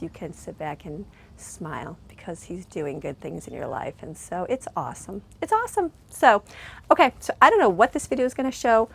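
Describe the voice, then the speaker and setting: A middle-aged woman from Michigan, talking casually to camera as a family vlogger, rambling and chatty with frequent laughs. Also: lowish voice.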